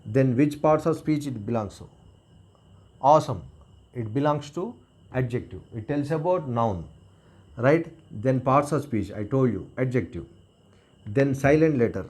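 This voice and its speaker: A middle-aged male teacher, explaining grammar step by step to his class. He keeps pausing to check in with a quick "right?". His voice sits at an ordinary middle pitch. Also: a little mellow. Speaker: English teacher.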